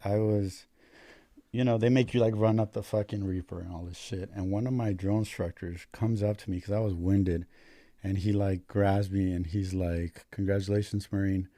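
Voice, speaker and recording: A man's voice: fairly low pitch, fairly even intonation, moderate pace, no echo, clean studio sound. A man in his thirties, a paramedic and Marine veteran, telling stories in casual, profane chat. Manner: profane, laid-back storytelling that grows loud and laughing.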